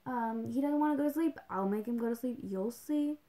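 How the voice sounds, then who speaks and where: A young woman with a fairly high, mellow voice speaks fairly quickly as a livestream host. She rambles casually, filling her talk with "like"s and little laughs and occasionally tossing in Spanish.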